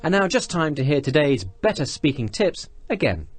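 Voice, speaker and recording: A man's voice: fairly high pitch, very animated, normal speed, over loud music. A man hosting an educational podcast, summing up the guest's points and asking follow-up questions. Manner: summarising and prompting questions. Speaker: host.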